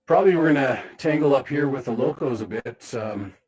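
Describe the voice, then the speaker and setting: A man's voice: mid-range voice, expressive, a little fast, darkish tone, faint music behind. A man playing a tabletop game, talking in character in an easygoing, wry way. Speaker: player. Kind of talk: in-character roleplay.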